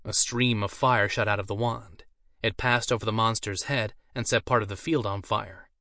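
A man's voice: lowish voice, steady tone, moderate pace, sharp tone, no echo. Man narrating a fantasy story, dry. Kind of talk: audiobook narration.

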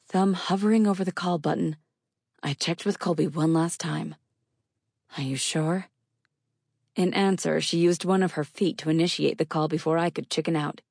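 An audiobook narrator with a low, gravelly voice reads a novel in the first person, her tone steady and a little mellow. She moves a little fast, and the clean studio sound carries no room echo.

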